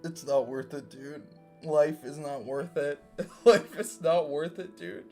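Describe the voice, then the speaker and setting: A young man with a fairly high voice reads fanfiction aloud and comments on it in an exasperated, self-mocking way. He swears freely and laughs often between lines. Faint guitar music plays behind him. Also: fairly even intonation, slow, mellow. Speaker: reader reacting to fanfiction. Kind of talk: comedic fanfiction reading with commentary.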